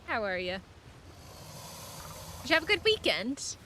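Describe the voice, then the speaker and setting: A woman's voice: fairly high pitch, sing-song, unhurried, bright, forceful tone, a little hiss or hum. A woman streaming a survival game, giving casual commentary and playfully chatting to creatures and viewers.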